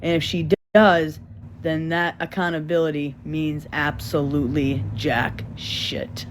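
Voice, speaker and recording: A man's voice: a little high, little pitch movement, unhurried, noisy background. A man talking on his own livestream, rambling and repeating himself as he speaks about taking accountability, earnest and defensive. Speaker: livestream host. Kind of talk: livestream apology talk.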